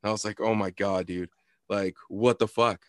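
Young man telling a profane, animated story. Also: on the low side, moderate pace, dry recording, studio quality. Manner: animated, profane, lots of fillers and laughter. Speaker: podcast co-host. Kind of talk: casual storytelling chat.

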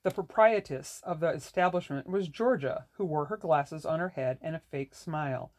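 A reader narrating a novel in a measured, even way. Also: medium pitch. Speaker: audiobook narrator. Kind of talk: scripted narration.

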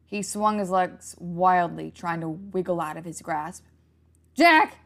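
A woman narrating a first-person horror story in an even, hushed reading manner. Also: lowish voice, measured pace, creaky.

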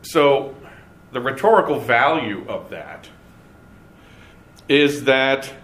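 A man teaching a Bible study class, speaking deliberately and stressing key words with pauses. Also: medium pitch, animated, a bit bright.

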